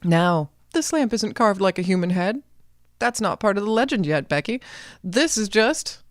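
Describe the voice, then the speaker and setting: A woman hosting a podcast, telling a folk legend in a playful, animated way. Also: medium pitch, moderate pace, no echo, clean studio sound. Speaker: podcast host, storyteller. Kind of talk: casual storytelling chat.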